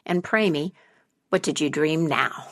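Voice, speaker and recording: A woman voicing a grumpy, sleepy male dragon who drags out his threats. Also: low-pitched. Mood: irritated, surly. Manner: surly, drawn-out threats.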